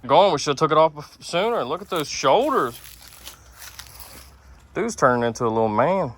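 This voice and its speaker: A man's voice: fairly high pitch, expressive, moderate pace, fairly bright tone. A man in a casual family vlog, joking and coaxing his kids, recorded on a handheld camera outdoors and in a store. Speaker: vlogger and father. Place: outdoors trick-or-treating, then a store. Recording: noisy handheld camera audio.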